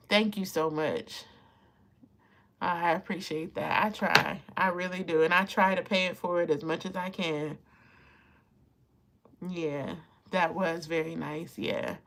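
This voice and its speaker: A woman around fifty hosts a casual live makeup chat. She talks warmly to her viewers, laughs often and gets emotional as she applies her makeup. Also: fairly low pitch, slow pace, long pauses. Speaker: beauty livestream host.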